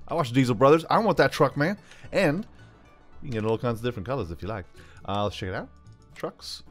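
A young man giving goofy, hyper commentary on his gameplay, jumping between loud yelps and mumbled asides. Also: medium pitch, animated, a little fast, pauses often. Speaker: gaming YouTuber. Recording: faint game music behind.

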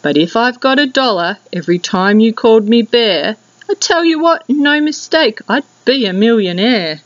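An Australian woman teaching young children, reading a picture book aloud in a lively, sing-song way. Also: moderate pace, muffled recording. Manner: lively, sing-song storybook reading with big pitch jumps. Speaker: primary school teacher.

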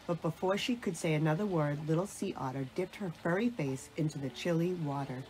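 A woman reading a children's bedtime story aloud in a calm, gentle storytelling manner. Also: low-pitched, fairly quick, poor audio. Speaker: storybook reader.

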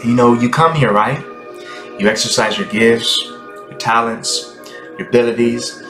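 A man giving a rambling, ecstatic spiritual monologue that sometimes drops into hushed whispers. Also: mid-range voice, a little slow. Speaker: Christian content creator. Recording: echoey room with music behind.

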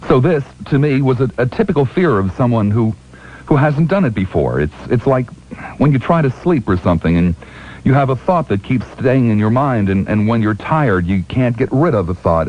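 A male radio talk show host reading a printed interview aloud on air in a plain, measured way, announcing each speaker flatly. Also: medium pitch. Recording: dull lo-fi radio broadcast.

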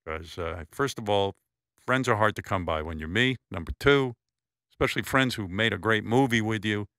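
Forceful, sharp-voiced male radio host. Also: fairly low pitch, normal speed, dry recording, clean studio sound. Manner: blunt, profane, animated storytelling with lots of asides. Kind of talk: casual storytelling tribute.

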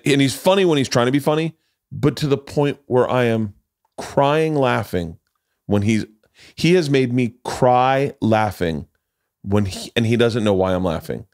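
A man's voice: medium pitch, darkish tone, no echo, studio quality. A man in his forties hosting a podcast, chatting casually, rambling through stories, swearing freely and acting out quotes. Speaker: podcast host. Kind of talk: casual chat.

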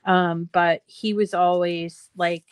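A woman's voice: fairly low pitch, level tone, slow, clear, resonant tone, no room sound. A woman talks her viewers through a craft project in an easygoing, rambling way, full of little fillers. She takes her time over each phrase. Her voice sits dry and close, with no room sound around it. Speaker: craft show host. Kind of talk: casual craft tutorial livestream.

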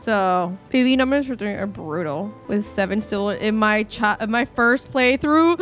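A woman's voice: medium pitch, animated, a little slow, fairly bright tone, soft background music. A young woman casually chatting and reacting aloud as she live-streams a life-simulation game, rambling and talking to her chat.

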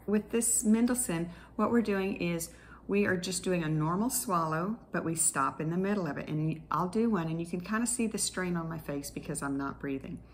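Woman therapist, low voice, patient clinical explainer, faint hiss behind, instructional class tone. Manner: patient, explanatory, clinical terms with small restarts. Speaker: speech-language pathologist teaching an exercise class.

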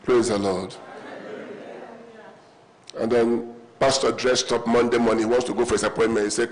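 A man's voice: mid-range voice, little pitch movement, moderate pace, pauses often, poor audio. A man preaching a sermon in a church auditorium, telling humorous stories and calling the congregation to respond. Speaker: pastor.

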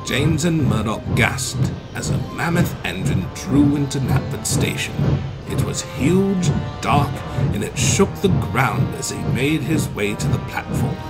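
A man narrating a children's train story in an expressive, animated storytelling manner. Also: on the high side, unhurried. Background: music.

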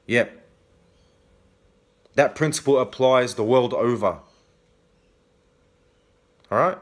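An Australian man vents to camera in a video blog, furious and full of swearing. His voice sits at an ordinary mid pitch. He punctuates his threats with a sharp "okay?". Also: takes it slowly, long pauses. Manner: heavy swearing, repeated "okay?" tags. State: angry. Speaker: vlogger. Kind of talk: angry confrontational rant to camera.

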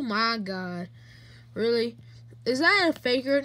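A woman voicing characters in her own amateur animation, yelling insults and yelping in a hammy way. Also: a little high, big pitch swings, slow pace, pauses often, slight background noise. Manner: shrieking insults and yelps, hammy.

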